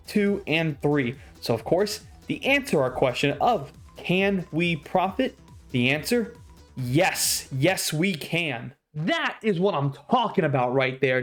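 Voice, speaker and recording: A man hosting a card-opening video, recapping values in an enthusiastic, emphatic, salesy way. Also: fairly high pitch. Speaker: card-opening channel host. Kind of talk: casual unboxing commentary.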